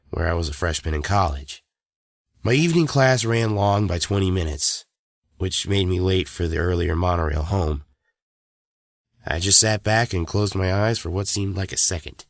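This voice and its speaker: Deep-voiced man narrating a horror story. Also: no room sound, studio quality.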